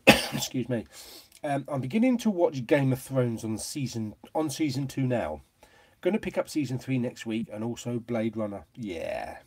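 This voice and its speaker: A British man chatting casually to viewers on a live stream. He is jokey and talkative, his pitch rising and falling a lot. His voice has a slightly husky edge. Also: very animated, moderate pace. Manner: chatty, jokey, laughs often. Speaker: host of a live chat stream.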